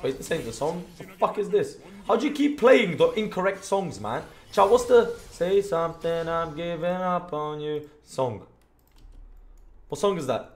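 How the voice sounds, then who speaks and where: A young British man, a streamer, giving crude, joking live commentary on his game with sudden shouted outbursts. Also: fairly high pitch, expressive, measured pace. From Britain. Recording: roomy echo.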